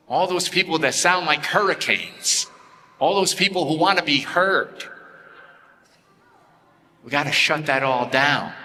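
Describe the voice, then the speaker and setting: A man preaching a sermon as a priest, slow and deliberate with repeated phrases, in a church. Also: a little high, bright, forceful tone, a little hiss or hum. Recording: long reverb of a large church.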